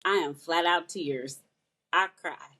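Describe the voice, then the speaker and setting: A woman in a relaxed group conversation, with a slightly low voice. She talks openly, laughs often, and acts out the conversations she describes. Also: takes it slowly. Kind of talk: casual group chat.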